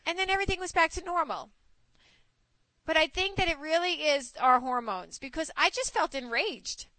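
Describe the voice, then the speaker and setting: A woman in her forties hosting a casual chat, telling stories in an animated way and acting out quotes. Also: high-pitched, normal speed, no echo, poor audio. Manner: chatty, animated storytelling with acted quotes. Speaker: host.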